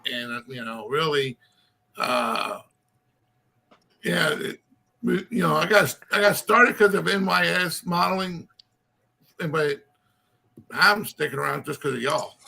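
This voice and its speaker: A man with a drawl rambles through casual chat in broken, restarting phrases. His voice sits high and has a gravelly, bright edge. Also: expressive, measured pace, long pauses. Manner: rambling, stop-start, swears freely. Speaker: hobby stream participant.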